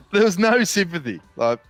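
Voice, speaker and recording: Lively, swearing podcast co-host. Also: male voice, high voice. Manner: animated storyteller, swears freely. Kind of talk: casual chat.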